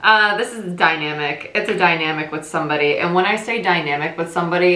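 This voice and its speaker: A young woman from New Jersey giving a casual tarot reading, talking quickly in a chatty, rambling way. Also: sits low, fairly bright tone. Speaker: tarot reader. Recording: echoey room.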